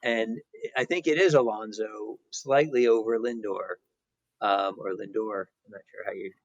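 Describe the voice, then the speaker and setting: A man's voice: fairly low pitch, normal speed, no echo, dull audio. A man co-hosting a podcast, chatting casually and hesitantly about baseball with lots of restarts. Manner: hesitant, many restarts and fillers. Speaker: podcast co-host. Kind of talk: casual sports chat.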